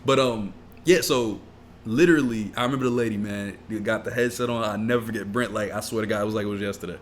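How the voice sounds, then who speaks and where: A man co-hosting a podcast, telling a work story in casual chat, animated and profane, laughing often. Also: fairly low pitch, quick pace, slight background noise. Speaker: podcast co-host.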